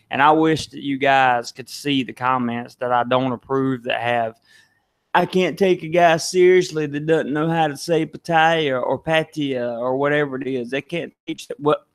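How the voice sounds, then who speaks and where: A man's voice: mid-range voice, a bit bright, clean tone. A man with a Southern US accent, hosting a casual live stream and answering viewer comments aloud. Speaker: live-stream vlogger reading chat.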